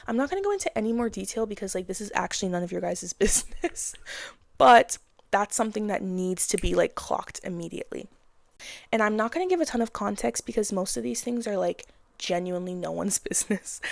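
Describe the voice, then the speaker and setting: A woman's voice: mid-range voice, gravelly, no echo. A woman in her twenties giving frank, casual advice in a blunt monologue, with slang and swearing. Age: 20s. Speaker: vlogger.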